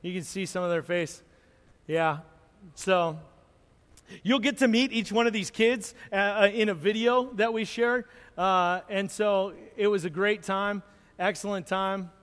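High-voiced pastor telling a story. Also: male voice, a little slow. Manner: animated storyteller, acts out moments. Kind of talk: sermon storytelling with slides. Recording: long hall reverb.

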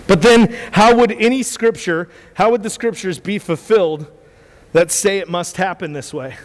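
A man's voice: high voice, normal speed, long reverb tail. A man preaching a sermon in a conversational way, often stumbling over repeated words and checking in with his listeners. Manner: conversational, repeats words and asks the audience "right?".

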